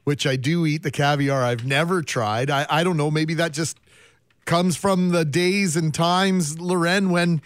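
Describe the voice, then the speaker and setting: A man's voice: fairly high pitch, fairly even intonation, dry recording. Polite man, radio co-host. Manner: polite, measured questioning. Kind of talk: morning radio interview.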